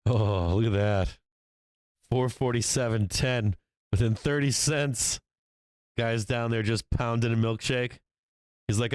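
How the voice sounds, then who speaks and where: A man hosting a live stock market stream, commenting on trades in a profane, excitable way and laughing often. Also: medium pitch, slow, long pauses, clean tone, dry recording. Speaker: stock market livestream host.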